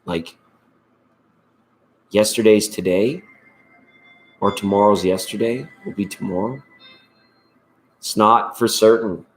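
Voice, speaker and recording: A man's voice: on the low side, takes it slowly, pauses often, faint music behind. A man hosting a live tarot stream, chatting casually and rambling playfully, often laughing.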